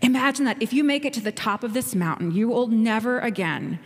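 A woman's voice: on the high side, brisk. Lady doing a kids' talk at church, playful and encouraging, lots of questions, echoey hall. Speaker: children's message leader. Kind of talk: interactive talk with children.

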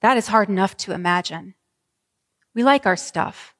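A woman pastor preaching a sermon, telling the story vividly with dramatic pauses. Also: mid-range voice, fairly bright tone. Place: church sanctuary. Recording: reverberant church hall.

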